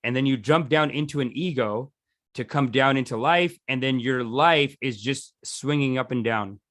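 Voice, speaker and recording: A man's voice: mid-range voice, moderate pace, fairly bright tone, no room sound, clean studio sound. A man teaching a meditation session in a loose, rambling, jokey way, often restarting his sentences. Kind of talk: casual teaching talk.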